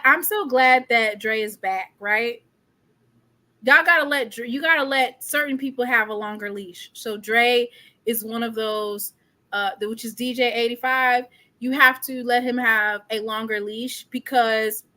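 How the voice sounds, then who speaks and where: A woman hosts a casual live-stream show, talking straight to her viewers in the chat. Her voice sits a little high, and her tone is bright and sharp. She keeps the talk loose and chatty. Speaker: show host.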